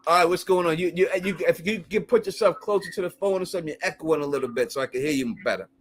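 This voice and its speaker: A man hosting a casual call-in live stream, animated and crude, laughing often and using lots of slang. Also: on the high side, fast, a little hiss or hum.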